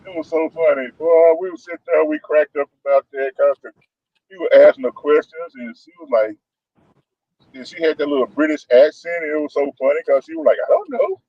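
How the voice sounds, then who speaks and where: A man's voice: a little high, brisk. A man in a casual live-stream chat, telling funny stories with lots of laughter and slang. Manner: animated, laughing storyteller with Southern slang. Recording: muffled lo-fi stream audio.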